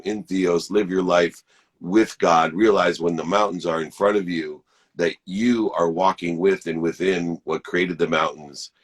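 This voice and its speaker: A man's voice: deep voice, slightly rough. A man co-hosting a talk show, enthusiastic and preachy, rambling with spiritual asides. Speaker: show co-host. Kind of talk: energetic podcast conversation.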